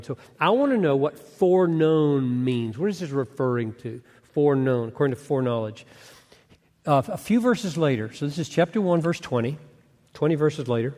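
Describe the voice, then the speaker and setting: A man's voice: mid-range voice, darkish tone. A man giving an earnest Bible teaching lecture, asking rhetorical questions and restarting phrases as he thinks aloud. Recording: long hall reverb.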